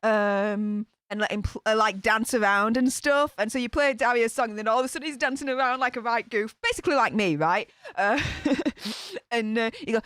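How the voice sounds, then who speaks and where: A woman's voice: on the high side, normal speed, fairly bright tone, clear, resonant tone, no echo. A woman with a Yorkshire accent chatting casually with her live-stream viewers, rambling with lots of fillers and restarts. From Northern England. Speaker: YouTube commentator reading live chat.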